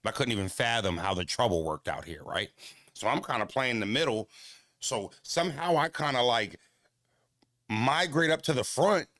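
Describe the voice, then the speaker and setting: A man's voice: mid-range voice, animated, moderate pace, a bit bright, dry recording, clean studio sound. An American man from Pennsylvania telling a story in casual chat, swearing often and laughing as he acts out the voices of others.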